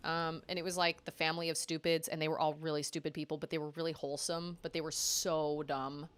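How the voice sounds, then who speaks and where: A woman's voice: low voice, fast, clean tone. A young adult woman streaming a video game, reacting with exclamations, groans and laughter. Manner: excitable, groaning and laughing at setbacks. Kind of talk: live gameplay commentary.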